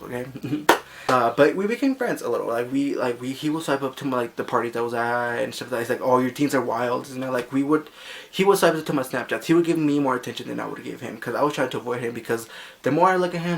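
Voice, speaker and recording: Young male vlogger, gravelly, medium pitch; casual and sassy storytelling. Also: slight background noise. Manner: chatty, sassy, heavy on filler words.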